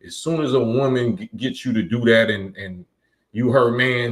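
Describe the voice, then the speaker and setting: A man's voice: medium pitch, moderate pace. A man hosting a live stream, reading chat comments and lecturing emphatically, often repeating his points. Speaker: livestream host.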